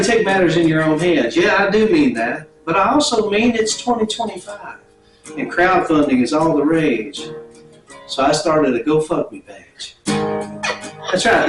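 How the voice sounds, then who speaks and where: A man performing stand-up comedy in a mock-preacher style, breaking into song over guitar. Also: fairly high pitch. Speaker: comedian guest. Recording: roomy, a little distant from the mic, with guitar.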